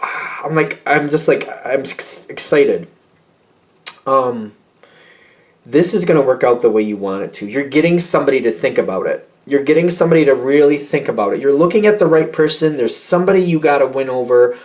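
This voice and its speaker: A man giving a casual tarot reading, rambling and correcting himself, getting excited as he talks. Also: medium pitch, brisk. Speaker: tarot reader.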